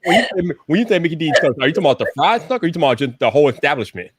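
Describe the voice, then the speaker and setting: A man hosting a casual live stream chat, animated and jokey, quick to tease his guest. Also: a little high, husky, no echo.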